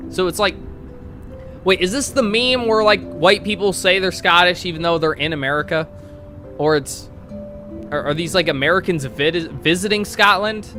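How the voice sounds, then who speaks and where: A man's voice: on the high side, bright, forceful tone. A man live-streaming, casually reading online posts aloud to his chat and breaking off with sarcastic asides.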